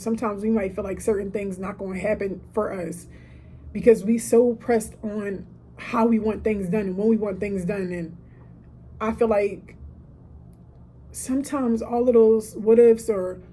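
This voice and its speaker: A woman's voice: mid-range voice, warm tone, slight background noise. A woman in her thirties talking casually and emotionally about gratitude from a hotel room, with asides like "listen" and "okay". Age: 30s. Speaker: podcaster. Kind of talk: casual heartfelt monologue.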